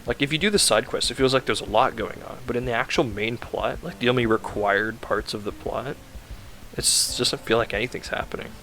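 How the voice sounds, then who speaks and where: A man's voice: medium pitch, brisk, sharp tone. A man casually rambling through a recap of a video game plot, full of "like" fillers and self-corrections.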